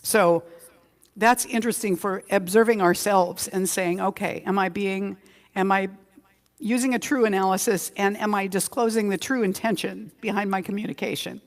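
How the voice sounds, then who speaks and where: A woman's voice: medium pitch, steady tone, moderate pace. A woman minister giving a conversational Sunday sermon, drawing out key words for emphasis. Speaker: senior minister. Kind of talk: Sunday sermon with a joke story. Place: community center hall. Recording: long hall reverb.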